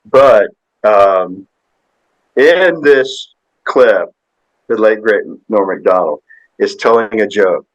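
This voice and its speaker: A man in his sixties with a voice on the low side tells a story as a podcast guest, slow and expressive with long pauses. He's rambling and folksy, full of tag questions, in casual storytelling chat on a muffled recording.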